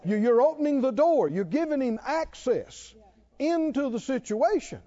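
A man's voice: very high voice, animated, normal speed, mellow, highs cut off. A middle-aged male pastor preaching a sermon, punctuating his points with emphatic exclamations and quoted scripture.

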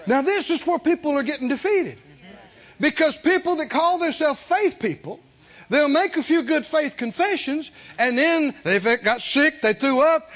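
A man preaching a sermon, fervent and rising to emphatic shouts. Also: very high voice, animated, moderate pace. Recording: dull lo-fi sermon recording.

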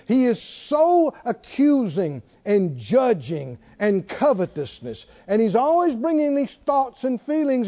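A male pastor preaching a sermon, telling a story with acted-out dialogue and laughter. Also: extremely high pitch. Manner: animated, acts out dialogue, laughs. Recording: dull lo-fi church recording.

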